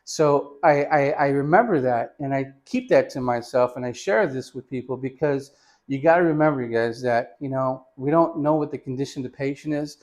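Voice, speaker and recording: A mid-range male voice at a moderate pace belongs to a radiography instructor showing chest X-ray positioning. He's informal with students, calling them "you guys," tells stories, and speaks loudly when instructing patients.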